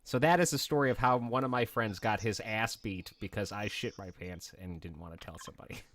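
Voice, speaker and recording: A man's voice: fairly low pitch, moderate pace, background noise. A male streamer telling stories to friends in casual, profane chat, acting out other people's lines. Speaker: streamer host.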